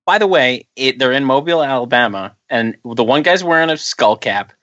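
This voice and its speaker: A man's voice: medium pitch, moderate pace, highs cut off. A man co-hosting a podcast, chatting casually and sarcastically about a film. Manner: incredulous, sarcastic, lively. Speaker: podcast co-host. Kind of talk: casual movie-review chat.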